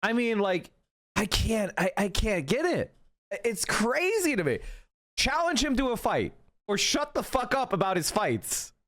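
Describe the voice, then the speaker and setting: A man streaming his reaction to a video, ranting and mocking with lots of swearing, jumping from shouts to low mutters. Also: sing-song, a little slow, no room sound, studio quality. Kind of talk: livestream reaction commentary.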